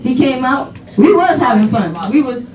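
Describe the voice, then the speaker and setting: A woman's voice: high voice, moderate pace. New woman telling funny stories at a funeral, lots of quoting, echoey room, mic far away. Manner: animated, laughing storytelling with quoted dialogue. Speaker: daughter giving a eulogy. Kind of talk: storytelling eulogy at a funeral. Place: funeral home chapel. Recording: echoey hall, voice from far off, faint noise.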